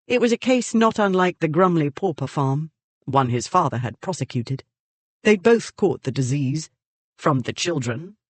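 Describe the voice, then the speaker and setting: An audiobook narrator reading a historical romance in measured, even scripted narration. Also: mid-range voice, dry recording.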